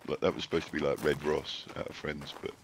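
Very deep gravelly man teasing a friend. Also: little pitch movement, quick pace, background noise. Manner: teasing, swears freely. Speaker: friend and co-player. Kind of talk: casual gaming chat.

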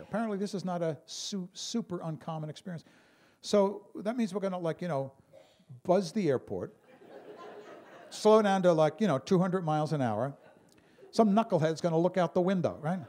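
A man performing a stand-up comedy routine on stage, telling stories with lively impressions of other people. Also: fairly high pitch, a little fast. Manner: animated storyteller, mimics calm pilots and a Brooklyn guy. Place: stage before a live audience.

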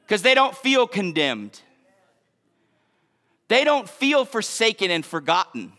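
A man preaching a sermon as pastor, in an energetic, conversational way with joking asides. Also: high-pitched, takes it slowly, long pauses, in a large hall.

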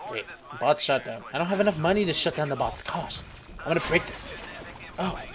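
A man's voice: on the high side, expressive, moderate pace, a crowd in the background. A young man talking to himself while playing a game, rambling, giggling and swearing. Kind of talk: let's play commentary.

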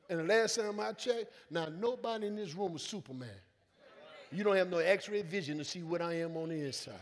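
Man, pastor, preaching sermon, high voice, call-and-response, church hall reverb. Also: normal speed. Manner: call-and-response preaching, swelling to loud emphatic lines; acts out quoted voices in conversational vernacular. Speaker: senior pastor. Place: church sanctuary.

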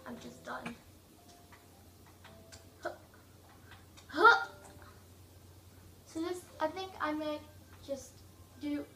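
High, bright, rambling female gamer. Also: very slow, vocal fry, long pauses, distant mic. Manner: rambling, joking, self-mocking. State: coughing, throat a bit rough. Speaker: gaming video maker. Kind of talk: casual gameplay commentary. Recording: echoey room, away from mic, faint noise.

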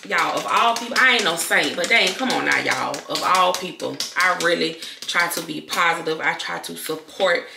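Woman, vlogger, chatty, loud, expressive, low-pitched, gravelly, echoey room. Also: moderate pace, hardly any pauses, noisy background. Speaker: YouTuber addressing her viewers. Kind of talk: casual talk to camera.

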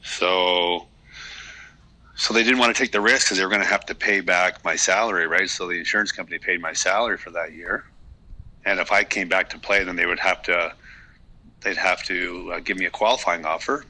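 A deep-voiced man in his fifties talks through his past candidly, circling back and restarting as he goes. His tone has a sharp, forceful edge to it. It is a relaxed podcast interview. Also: normal speed, poor audio. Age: 50s. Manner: candid, reflective storytelling with many restarts. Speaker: guest, retired hockey player.

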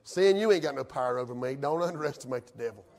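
A male pastor, preaching a folksy, country-spoken sermon that swings from hushed to shouted. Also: mid-range voice, expressive, quick pace, gravelly.

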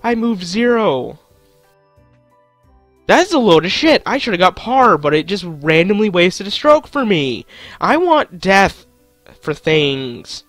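A man's voice: sits high, very animated, slow pace, fairly bright tone, no room sound, faint music behind. A young man commentating his own gameplay, joking to himself and swearing at the game. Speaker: gaming channel host.

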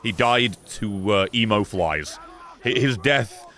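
A man's voice: fairly low pitch, slow, pushed and bright. A man streaming a game live, commenting sarcastically, talking back to the characters on screen and swearing often.

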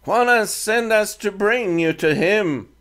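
A man voicing a defiant teenage boy who leads a band of riders and speaks in halting, broken English. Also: high-pitched, fairly bright tone, pitched above the performer's own voice.

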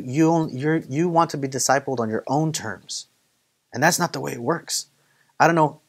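Man preaching a casual Bible study. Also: mid-range voice. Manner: conversational, storytelling with acted quotes. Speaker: pastor leading Bible study. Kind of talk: casual sermon.

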